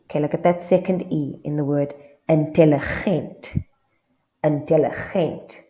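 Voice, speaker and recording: A woman's voice: low voice, steady tone, unhurried, dark tone, roomy sound. A South African woman with a South African English accent, teaching a casual online language lesson and often checking in with the viewer.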